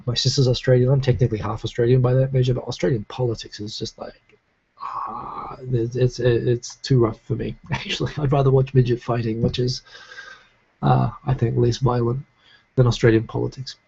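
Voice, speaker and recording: A man's voice: mid-range voice, level tone, brisk, vocal fry, dark tone, husky, highs cut off. A man with a faded New Zealand accent hosting a live show, chatting casually and reading comments, rambling with lots of fillers and restarts.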